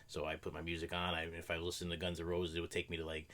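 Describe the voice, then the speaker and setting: A man's voice: low voice, monotone, fast, a bit bright. A middle-aged man hosting a react video, chatting casually and rambling with many fillers and restarts. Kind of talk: casual chat.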